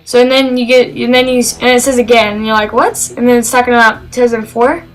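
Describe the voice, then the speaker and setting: A woman's voice: on the high side, flat delivery, fast talker, soft background music, rough recording. Rambling, eager young-sounding woman reviewer. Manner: rambling and hesitant, with many fillers and restarts; enthusiastic. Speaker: film reviewer. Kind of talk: casual spoken film review.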